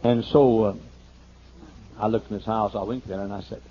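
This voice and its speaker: A man pastor telling a humorous, folksy story during a sermon, slowing down to list items one by one. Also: on the low side, steady tone, a little hiss or hum. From United States. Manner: folksy and humorous, lists things slowly. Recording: muffled older sermon tape.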